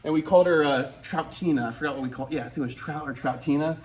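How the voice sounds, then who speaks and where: Rapid-fire and fairly high-pitched, a man hosting a snake-facility reptile vlog talks casually to camera with enthusiasm, a little short of breath. The audio is roomy and distant with faint ambience.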